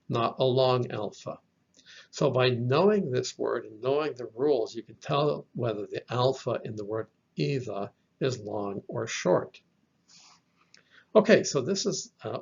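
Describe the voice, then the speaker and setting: A man gives a recorded lesson in an unhurried, deliberate way, repeating each example word. His voice is gravelly and a little husky. The recording sounds dull and lo-fi. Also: medium pitch. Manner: slow, deliberate explaining with repeated example words. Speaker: teacher.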